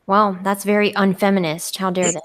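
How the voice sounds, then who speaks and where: A woman's voice: medium pitch, level tone, fairly quick, a bit bright. A woman co-hosting a podcast in casual chat, chatty and ironic with frequent giggles. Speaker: podcast co-host.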